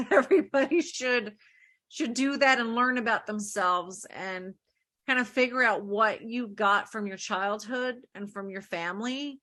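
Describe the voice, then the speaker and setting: A woman's voice: mid-range voice, bright, forceful tone. A middle-aged woman, a divorce lawyer, answering interview questions earnestly, often posing rhetorical questions.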